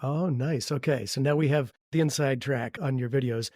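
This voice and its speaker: A man hosting a podcast interview, asking long, measured questions. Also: medium pitch, darkish tone, no echo, clean studio sound. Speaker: podcast host.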